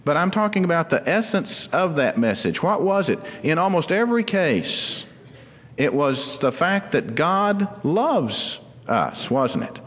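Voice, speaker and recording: Earnest pastor preaching in a reverberant hall. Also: male voice, a little high, big pitch swings, a bit bright. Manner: earnest, explanatory, slows down for emphasis. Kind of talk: sermon.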